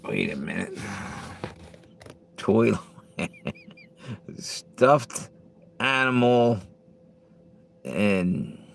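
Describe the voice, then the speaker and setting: A man's voice: fairly low pitch, sing-song, very slow, vocal fry, long pauses. A middle-aged man live-streaming, chatting casually with viewers in a blunt, profane, rambling way. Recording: faint background noise.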